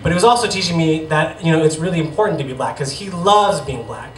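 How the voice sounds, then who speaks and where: A man's voice: on the high side, animated, fast. A man in his thirties from the Boston area telling a humorous personal story on stage, wry and self-deprecating. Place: bar stage with a live audience. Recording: echoey room, far from mic, noisy.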